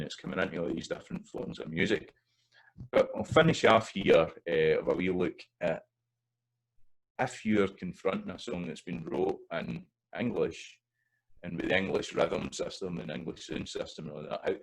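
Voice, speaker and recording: A man's voice: low-pitched, vocal fry, rough recording. A Scottish man giving a casual spoken lesson, rambling with many fillers and restarts. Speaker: language teacher. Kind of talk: spoken lecture.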